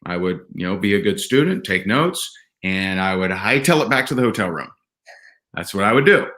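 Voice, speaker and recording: A man telling personal stories as a podcast guest, earnest and animated, often restarting his sentences. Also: lowish voice, moderate pace. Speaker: podcast guest, event speaker. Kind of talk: candid conversational storytelling.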